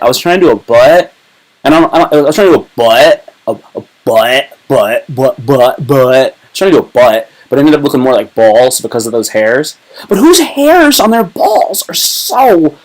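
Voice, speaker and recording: A man's voice: mid-range voice, poor audio. Rambling, joking man hosting a livestream. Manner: rambling, joking, heavy slang. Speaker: livestream host. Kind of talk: casual livestream chat.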